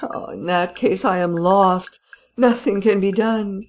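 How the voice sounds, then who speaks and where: Woman reader playing a fretful rich baron, voice pushed up high, nervous and panicky; audiobook character. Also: fairly even intonation, unhurried, darkish tone, close to an everyday voice, low-quality recording. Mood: despairing. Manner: fretful, rising to frantic cries. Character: anxious, panicky wealthy male baron.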